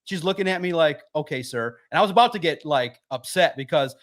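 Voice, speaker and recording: A man guesting on a sports podcast, telling stories in an animated way and swearing freely. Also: on the high side, fast. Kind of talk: casual podcast chat.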